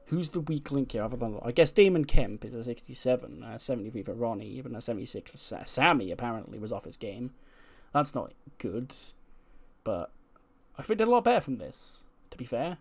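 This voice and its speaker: A man's voice: medium pitch, expressive, a little fast, vocal fry. A man giving casual, chatty let's-play commentary on a game, swearing now and then. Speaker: gaming video creator.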